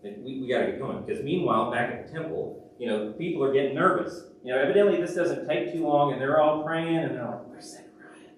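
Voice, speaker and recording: A pastor preaches in a mid-pitched voice, spinning stories with lively shifts between booming and hushed delivery. He is picked up from well back in a very echoey church sanctuary, with faint noise underneath. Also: quick pace, few pauses. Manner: animated storyteller, swings from loud to hushed. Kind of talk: sermon with storytelling. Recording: very echoey church from a distant mic.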